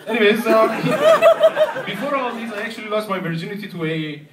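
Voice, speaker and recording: A young man from Iran performing a stand-up comedy set, animated and slipping into voices for the characters in his stories. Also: sits high, normal speed, heavy background noise. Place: comedy club. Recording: echoey club from a distant mic, loud crowd laughter. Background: audience laughing.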